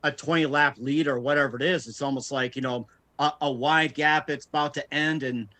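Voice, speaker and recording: A man's voice: a little high, steady tone, a little fast, pushed and bright. A man, a radio talk show guest, telling stories in casual chat and laughing often.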